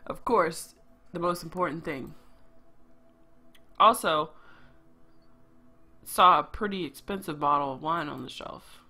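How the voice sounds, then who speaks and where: A game streamer reading a story game's narration aloud, with quick asides of their own. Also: medium pitch, sharp tone, slightly rough, soft background music.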